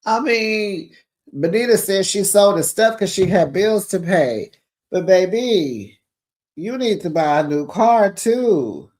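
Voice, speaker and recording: A man with a fairly high voice runs through a reality show recap in gossip mode. He is sassy and chatty, sprinkling in honey and child as he talks to his viewers like friends. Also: expressive, slow pace, a little mellow. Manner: sassy, chatty, addresses viewers as besties and y'all; calls listeners honey and child.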